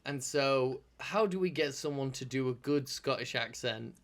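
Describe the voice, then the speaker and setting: A man's voice: medium pitch, moderate pace. A man co-hosting a podcast, chatting casually, rambling with restarts and casual swearing. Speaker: podcast co-host. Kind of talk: casual chat.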